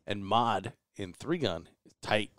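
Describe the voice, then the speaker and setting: A man chatting casually on a podcast, his voice low-pitched and smooth. He talks in an easygoing, halting way, often restarting his sentences. The recording is dry and close, with no room sound. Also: lively intonation, a bit bright, no room sound. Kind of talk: casual chat.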